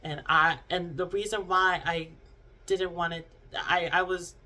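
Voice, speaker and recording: A young adult vlogger telling a personal story in a halting, subdued way, with many restarts and fillers. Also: mid-range voice, fairly even intonation, bright, forceful tone. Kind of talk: unscripted storytime monologue.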